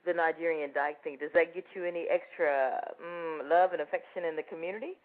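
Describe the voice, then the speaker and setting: A woman's voice: sits low, fairly quick. A woman hosting an interview, asking chatty, blunt questions in a casual way. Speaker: interview host. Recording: tinny phone line.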